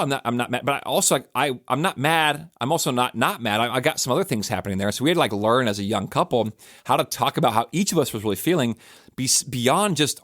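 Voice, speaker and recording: On his church podcast, a pastor and host rambles casually through his stories, correcting himself, restarting, and using lots of filler words. His voice is mid-range and fairly bright, recorded cleanly in a studio without echo.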